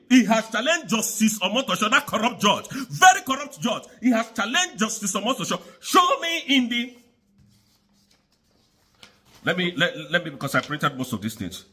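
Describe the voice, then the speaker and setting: A man's voice: sits high, sharp tone, slightly rough. A man from Nigeria delivering an angry, insistent political rant to the camera, repeating his points. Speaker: political commentator.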